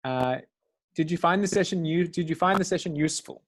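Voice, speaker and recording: A man hosting a live online webinar in a relaxed, halting way, with many fillers. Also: a little high. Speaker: webinar host.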